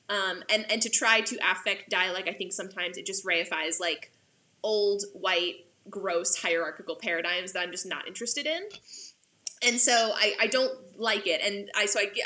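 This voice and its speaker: A woman's voice: medium pitch, sharp tone. A woman directing a play, chatting with an actor over a video call, gushing and laughing often, rambling with fillers. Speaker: assistant artistic director, director of the play.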